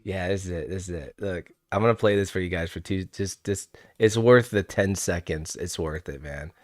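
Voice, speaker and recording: Young dude streaming, slangy, laughs a lot, lowish voice, super dry sound. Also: male voice, moderate pace, dry recording. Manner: laid-back and slangy, laughs often, calls viewers dude and homie. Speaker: trading livestream host. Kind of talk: casual livestream chat.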